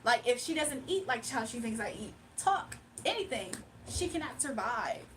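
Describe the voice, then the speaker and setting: High-voiced woman chatting on a livestream. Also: normal speed, far from the mic, slight background noise. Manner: animated, mocking, laughs often, reads chat aloud; drawls, slangy. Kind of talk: casual livestream chat.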